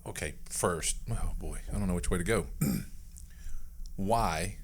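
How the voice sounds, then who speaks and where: A man's voice: low voice, unhurried, a little hiss or hum. A man hosting a podcast in casual, rambling chat. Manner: rambling, self-interrupting. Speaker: podcast host.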